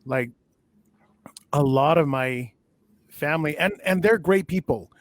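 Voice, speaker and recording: A middle-aged man hosts an interview in a chatty, effusive way and repeats himself as he praises his guest. His voice sits fairly high for a man. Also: measured pace, dry recording. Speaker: interview host. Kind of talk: casual interview talk.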